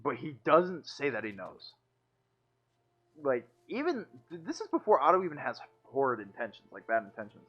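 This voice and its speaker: A man's voice: mid-range voice, big pitch swings, normal speed, husky, lo-fi sound. A young man joking and teasing his friends as he comments on a video game, laughing often. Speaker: let's play commentator. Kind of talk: casual gaming banter.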